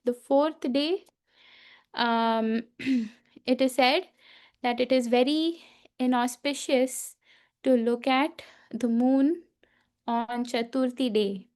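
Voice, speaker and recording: A woman teaching a festival class, telling a sacred story slowly with frequent fillers and asides to her listeners. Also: high-pitched, a little mellow, smooth.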